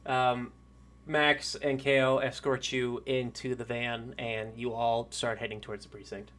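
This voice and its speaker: A man narrating a tabletop game as game master, pausing often with filler sounds. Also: medium pitch, level tone, fairly bright tone. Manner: halting, lots of "um" pauses.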